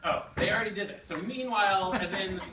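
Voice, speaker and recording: A children's drama teacher with a mid-range voice speaks briskly as she directs and narrates a children's story play, guiding the young actors and feeding them lines. The rehearsal room with the kids is echoey, the mic is distant, and there's background noise.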